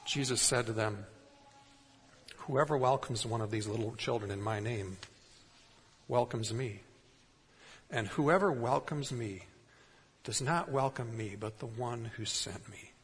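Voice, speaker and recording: A man's voice: mid-range voice, a little slow, long pauses, breathy edge. A man pastor delivering a conversational sermon, putting rhetorical questions to the congregation. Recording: long reverb in a large hall.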